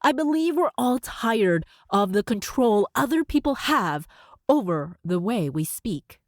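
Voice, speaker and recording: A woman's voice: fairly high pitch, very animated, unhurried, no room sound, clean studio sound. A woman hosting a solo podcast. She speaks with a slight lisp, ends sentences with an upward lift, and laughs often. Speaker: podcast host.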